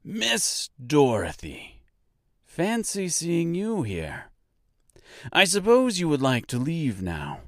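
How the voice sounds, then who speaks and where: A man's voice: fairly high pitch, wildly swooping pitch, slow, a bit bright, dry recording, studio quality, pitched above the performer's own voice, heavily acted. A man voicing a smug, gleeful male villain who owns a mansion, speaking with mocking, overly polite charm.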